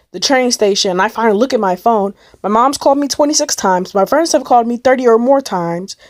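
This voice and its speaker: A woman's voice: fairly high pitch, no room sound. Young woman vlogging, rambly and breathless, lots of likes and oh my gods, dead dry sound. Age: young adult. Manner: rambling, breathless retelling with many likes and repeats. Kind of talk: casual storytelling vlog.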